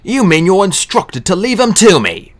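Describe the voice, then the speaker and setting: Audiobook: a man doing an imperious old magician, sharp and rude, pitched up and forceful. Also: very animated, moderate pace, heavily acted. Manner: snapping, commanding.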